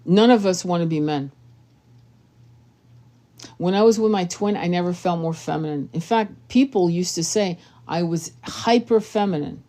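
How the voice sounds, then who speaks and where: A woman's voice: lowish voice, normal speed, dark tone. A woman tarot reader giving blunt, profane relationship advice in a casual monologue.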